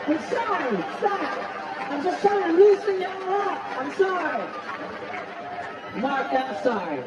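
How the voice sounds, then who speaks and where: A man doing a stand-up roast, brash and profane, shouting his punchlines. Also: very high voice, heavy background noise. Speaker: comedian at a roast. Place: stage before a live audience. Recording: roomy venue with crowd laughter.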